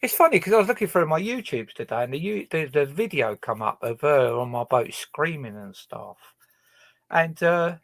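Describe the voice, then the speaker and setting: A man's voice: a little high, fairly bright tone, no echo. A man chatting casually on his livestream, rambling and hesitant, swearing heavily as he talks. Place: his own boat.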